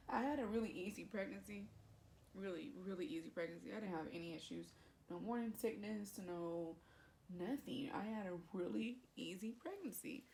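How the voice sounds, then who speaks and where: A woman's voice: mid-range voice, normal speed, creaky, a little mellow, slight background noise. A young woman vlogger telling a personal story to camera in a chatty, emotional way, with lots of fillers.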